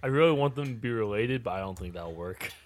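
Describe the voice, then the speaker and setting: A man playing in a tabletop game, talking in a dry, deadpan way. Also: lowish voice, fast talker, a little hiss or hum. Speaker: player. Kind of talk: casual tabletop game chat.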